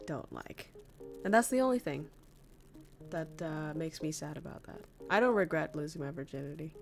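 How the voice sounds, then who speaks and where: A young woman from northern Vietnam, candidly chatting with viewers as a streamer, swearing freely and laughing often. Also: lowish voice. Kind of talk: casual chat reading viewer messages.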